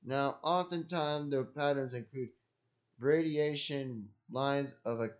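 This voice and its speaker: Slow-talking, rambling male host. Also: medium pitch. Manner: repetitive, jokey, digressive. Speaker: channel host. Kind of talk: casual rambling solo talk.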